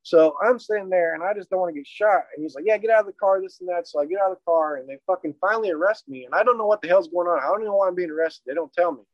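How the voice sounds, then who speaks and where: A man casually retelling a personal story in a rambling, profane, animated way. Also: high-pitched, very fast, hardly any pauses, dry recording. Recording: dry, dull lo-fi audio.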